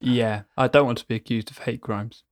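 A man's voice: medium pitch, steady tone, a little fast, no echo, studio quality. A man co-hosting a podcast, chatting casually in a jokey, self-mocking way. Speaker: podcast co-host. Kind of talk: casual chat.

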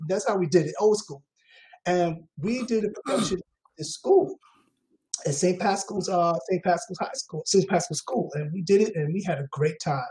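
A man chats as a guest, rambling through fillers and restarts and tossing in "man" again and again. His voice sits a little high but sounds mellow and soft. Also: poor audio. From Queens, New York. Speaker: actor, guest. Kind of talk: casual interview talk.

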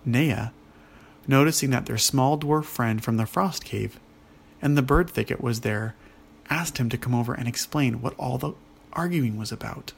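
A man narrating a children's bedtime story in a gentle, steady manner. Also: medium pitch, moderate pace, vocal fry, husky. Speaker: storyteller, father.

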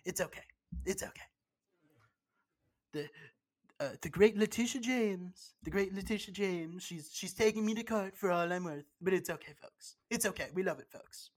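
A man putting on an impression of a smug, boastful older politician, with a drawn-out rally-speech cadence. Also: high voice.

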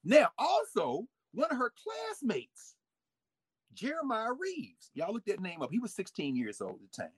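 A man giving a lively history lecture with folksy asides, swinging his volume up and down. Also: sits high, unhurried, slightly rough, no echo. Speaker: history teacher. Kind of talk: lively history lecture with read-aloud quotes.

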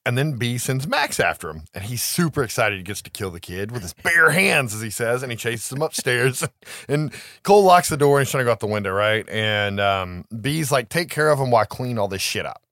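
A man co-hosting a podcast, retelling a movie plot in a casual, animated way with frequent laughs. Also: medium pitch, normal speed, no echo, clean studio sound. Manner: animated storytelling, laughs often, profanity. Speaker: podcast co-host.

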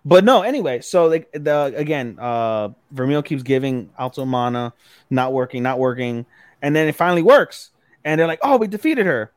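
A man's voice: medium pitch, moderate pace, smooth, no room sound, clean studio sound. A man co-hosting an anime podcast, recapping episodes in casual, rambling, profane chat. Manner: rambling, profane, acts out characters' lines mid-recap. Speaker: podcast co-host.

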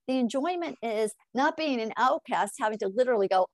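An animated middle-aged woman with a fairly high voice, speaking as a guest on a podcast interview. She tells her stories with energy, acts out the dialogue herself and tags her points with a quick "right?". The recording is dry and close, with no room sound. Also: dry recording. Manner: animated storyteller acting out dialogue, frequent "right?". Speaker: hypnotist guest.

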